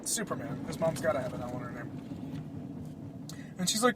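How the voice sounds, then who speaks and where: A man hosting a casual solo podcast, rambling in an excitable, profane way. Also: medium pitch, a little fast, long pauses, background noise. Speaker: podcast host.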